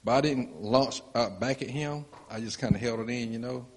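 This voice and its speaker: A man's voice: mid-range voice, normal speed, darkish tone, a little hiss or hum. A man sharing a personal story in church, rambling with many fillers. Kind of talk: casual testimony.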